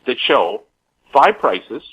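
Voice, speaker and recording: A man's voice: medium pitch, sing-song, slow, slightly rough, highs cut off. A man giving an emphatic, repetitive commentary in a radio talk interview, often calling his listeners "folks.". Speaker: housing market commentator.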